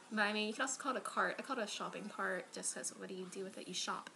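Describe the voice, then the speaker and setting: A woman from Florida talks to her camera in a loose, rambling way, full of fillers and small self-deprecating asides. Her voice is bright and clear at a middling pitch. A faint hiss sits under it. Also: fast. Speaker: vlogger. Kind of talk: casual chat to camera.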